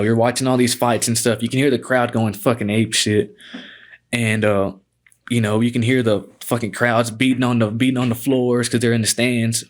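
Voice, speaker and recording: A man in his twenties, a podcast guest telling stories casually, laid-back and profane, dropping "man" into nearly every sentence. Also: medium pitch. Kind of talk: casual storytelling.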